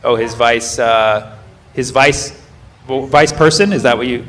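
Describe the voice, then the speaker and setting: At a comedy club, a stand-up comedian works the crowd live, quizzing audience members and correcting himself mid-sentence. His mid-range voice is unhurried. The background is noisy with laughter and room murmur.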